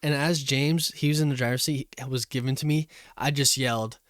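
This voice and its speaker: A man's voice: medium pitch, fairly even intonation, moderate pace, fairly bright tone, dry recording, studio quality. A young man co-hosting a casual podcast, rambling through a story, laughing often and yelping the punchlines. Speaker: podcast co-host. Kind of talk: casual chat.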